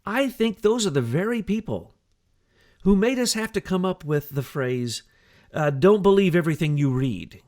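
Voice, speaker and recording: A man co-hosting a talk show, talking in an animated, emphatic way with rhetorical questions. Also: high-pitched, moderate pace. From United States. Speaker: co-host. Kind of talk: conversational talk show discussion.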